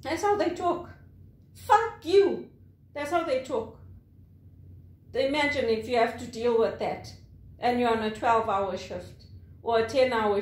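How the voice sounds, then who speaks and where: A woman from Zimbabwe, talking candidly about call center work, animated, acting out angry callers and laughing often. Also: fairly high pitch, reverberant. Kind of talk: candid personal monologue.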